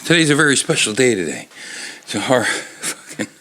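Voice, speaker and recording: A man's voice: mid-range voice, very animated, a little fast, noisy background. An older man hosting a casual book podcast from a bar, rambling and swearing wryly as he talks. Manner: rambling, profane, wry. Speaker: podcast host. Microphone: tabletop mic, moved off-axis.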